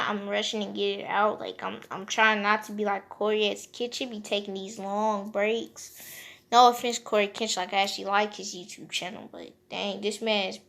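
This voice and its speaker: A woman's voice: medium pitch, little pitch movement, moderate pace, gravelly, a bit bright. A woman casually retelling a fan-made story off the cuff, rambling with lots of fillers and joking asides.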